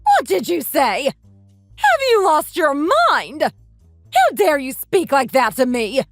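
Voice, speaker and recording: A woman's voice: very animated, normal speed, fairly bright tone, no echo, faint music behind. A woman voicing a scolding mother-in-law. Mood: furious. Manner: shrill, scolding and insulting. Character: bossy scornful sixty-year-old mother-in-law. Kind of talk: texting story voice acting.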